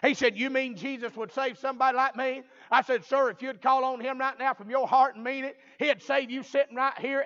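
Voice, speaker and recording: A preacher man with a strikingly high voice tells his story at a revival. He moves from quiet storytelling into fervent, rising preaching. The recording sounds dull and muffled. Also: flat delivery, a little fast, few pauses. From American South.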